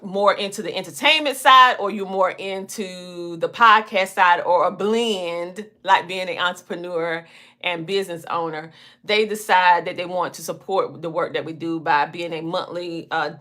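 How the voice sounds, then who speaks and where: A woman's voice: lowish voice, moderate pace, bright, forceful tone. A woman from a small Southern country town with a Southern twang, chatting casually as a podcast host and telling down-home stories. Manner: chatty storytelling, down-home phrasing. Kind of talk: casual chat.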